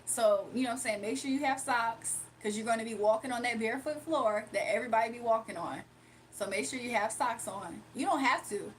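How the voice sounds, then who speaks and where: A woman with a slightly high voice chats casually on a livestream, reading viewer comments aloud and laughing often. Faint background hiss sits under her voice. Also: fairly quick. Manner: chatty, laughs often, answers viewers directly. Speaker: livestream host reading chat. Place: home, early morning.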